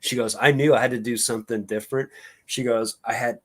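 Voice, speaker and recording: A man's voice: mid-range voice, fairly even intonation, fairly quick. A man co-hosting a casual live-stream chat, telling long stories with lots of fillers and restarts. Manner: rambling storyteller with many fillers and restarts. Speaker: co-host.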